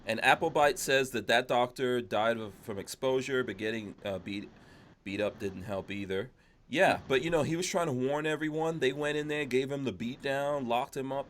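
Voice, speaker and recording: A man hosting a casual livestream podcast, reading out viewer comments in a relaxed manner. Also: medium pitch, slight background noise. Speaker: podcast host.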